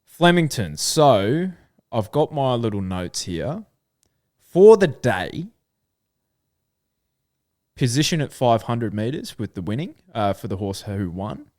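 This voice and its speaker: A man's voice: medium pitch, very animated, normal speed, no room sound, clean studio sound. A man with an Australian accent co-hosting a casual horse racing podcast, thinking aloud with plenty of fillers. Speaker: podcast co-host.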